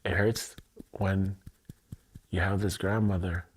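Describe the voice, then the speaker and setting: A man's voice: low voice, little pitch movement, slow pace, slight background noise. A man leading an emotional tapping livestream, speaking in intense, repetitive affirmations with some swearing. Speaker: self-help livestreamer.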